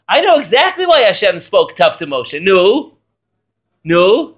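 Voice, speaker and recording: A man, a rabbi, teaching a Torah class in a lively way, quizzing and joking with his students. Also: high voice, measured pace, lo-fi sound.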